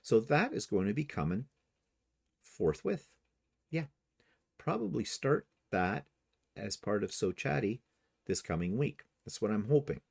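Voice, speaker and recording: A man's voice: on the low side, a little mellow. Chatty man hosting a quilting channel. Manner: chatty, rambling, self-correcting. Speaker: host. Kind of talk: casual chat.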